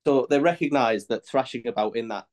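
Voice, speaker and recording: A man's voice: medium pitch, brisk, darkish tone. A man guesting on a casual podcast, sharing film trivia with enthusiasm and swearing casually.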